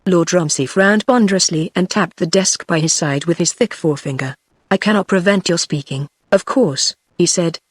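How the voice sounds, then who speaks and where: A woman's voice: on the low side, dry recording. British woman reading a novel aloud, dry. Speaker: narrator. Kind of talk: text-to-speech audiobook reading.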